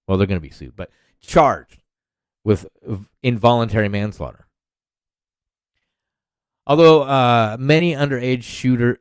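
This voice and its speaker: A man's voice: medium pitch, dry recording. Profane, ranting man on a dry mic. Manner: profane, rambling, heated ranting. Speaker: podcast host. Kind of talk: solo rant podcast.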